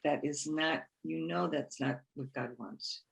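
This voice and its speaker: A woman with a gravelly edge to her voice speaks at a conference in a calm, encouraging way. She gives a reflective spiritual talk and repeats her key phrases to press them home. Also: low-pitched, measured pace, low-quality recording.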